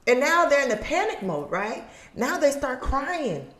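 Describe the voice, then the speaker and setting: Woman on her couch with a mic, preachy motivational talk, kinda high voice, roomy echo. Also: sing-song, measured pace, hardly any pauses, fairly bright tone. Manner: earnest, preachy, acts out little scenes. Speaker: podcast host. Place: living room at home. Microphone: studio mic.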